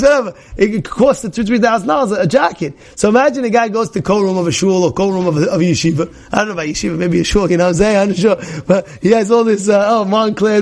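High-voiced chatty man teaching Torah. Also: vocal fry. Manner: chatty, asks the audience questions, repeats phrases, acts out shouting characters. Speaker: rabbi teaching a class. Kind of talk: informal Torah class storytelling.

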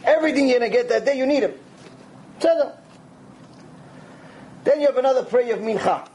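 A man giving a conversational Torah lecture, animated and acting out quoted voices along the way. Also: very high-pitched, brisk, a little hiss or hum. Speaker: rabbi.

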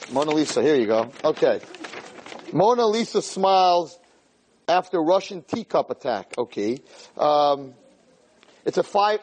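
Live lecturer, male, tells stories with animated delivery and a high voice, rising to shouts. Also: poor audio. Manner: animated storytelling that builds to shouting. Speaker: Jewish lecturer. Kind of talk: joke-filled lecture to a live audience.

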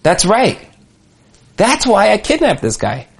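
A man voicing a gruff male warlord holding a hostage, who speaks in a blunt, matter-of-fact way. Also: high voice, wildly swooping pitch, measured pace, voice pushed up, heavily acted. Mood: conceding.

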